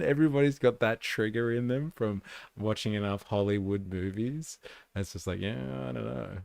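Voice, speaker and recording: A man's voice: lowish voice, moderate pace, creaky, darkish tone, dry recording. A man giving sarcastic, profane, opinionated commentary on a casual livestream. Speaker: streamer and commentator.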